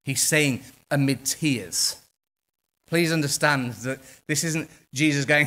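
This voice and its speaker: A man's voice: a little high, takes it slowly. Impassioned English preacher, man. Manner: impassioned, swings between quiet and loud. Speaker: pastor. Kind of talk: sermon. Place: church.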